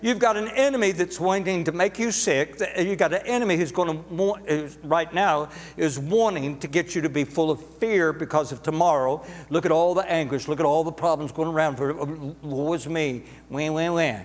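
A man's voice: on the high side, a little fast, hardly any pauses, long reverb tail. A man preaching a sermon to a congregation, emphatic and repetitive, drawing words out for stress. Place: church sanctuary.

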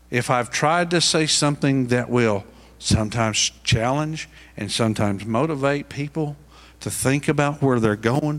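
A man's voice: mid-range voice, fairly bright tone. A middle-aged male pastor preaching a sermon, pressing his points with rising, emphatic questions.

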